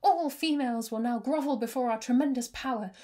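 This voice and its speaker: A woman's voice: a little high, brisk, warm tone, pitched above the performer's own voice, natural voice. Woman reading pompous tiny alien conquerors. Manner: grandiose, commanding. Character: arrogant tiny alien male conquerors chorus.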